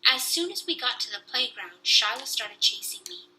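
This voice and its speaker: A young woman reading a children's book aloud with lively storytelling. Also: fairly high pitch, moderate pace, slight background noise, rough recording.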